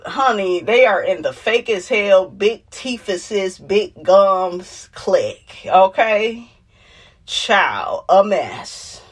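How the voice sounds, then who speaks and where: A woman's voice: medium pitch, very slow, slightly rough. Sassy woman dishing on reality TV. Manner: animated, sassy, quotes cast members in voices, laughs often. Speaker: reality TV recap commentator. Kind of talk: casual chat.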